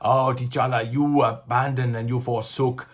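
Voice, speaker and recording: A man puts on a stern, distrustful tribal elder with a Wakandan accent. He speaks slowly and accusingly, in a husky voice. He sounds set back a little from the mic. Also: mid-range voice, level tone, natural voice. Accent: put-on Wakandan accent.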